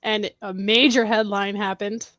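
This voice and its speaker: A woman's voice: mid-range voice, measured pace, dry recording. A young woman from New York with a New York accent and a slight Southern touch, co-hosting a podcast in casual chat, telling stories and poking fun at herself. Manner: storytelling, animated, self-deprecating. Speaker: podcast co-host.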